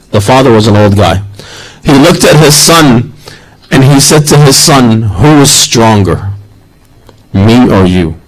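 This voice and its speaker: A man's voice: on the low side, poor audio. Earnest male preacher, repetitive cadence. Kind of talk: sermon.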